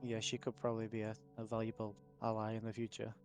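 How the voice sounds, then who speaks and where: A man's voice: lowish voice, completely flat delivery, quick pace, a little mellow, faint music behind. A man playing a tabletop game, speaking casually and hesitantly, often laughing. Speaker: player.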